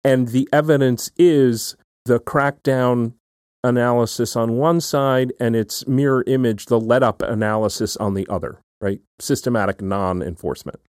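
A man's voice: mid-range voice, steady tone, moderate pace, darkish tone, dry recording, clean studio sound. A man hosting an academic talk, building long, careful questions and often checking in with "right?". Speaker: podcast host. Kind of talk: academic conversation.

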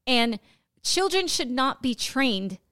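A woman's voice: high voice, big pitch swings, takes it slowly, sharp tone, clear, resonant tone. A woman who teaches school, talking earnestly as a podcast co-host in casual chat. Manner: earnest, repeats and restarts.

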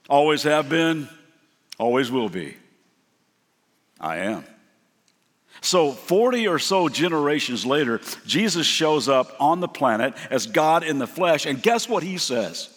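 A man's voice: on the high side, fairly bright tone. Man preaching in a reverberant hall. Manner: storytelling, acts out quotes with shifts in voice. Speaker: guest pastor. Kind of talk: sermon.

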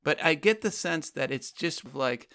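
A man's voice: on the high side, expressive, a little slow, pushed and bright. A man co-hosting a conversational discussion of poetry, patiently explaining lines of verse.

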